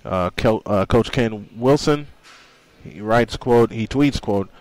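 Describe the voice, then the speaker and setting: A man's voice: fairly low pitch, slow pace, a little mellow, rough recording. A man hosting a sports radio show, speaking earnestly in a monologue and reading quotes aloud.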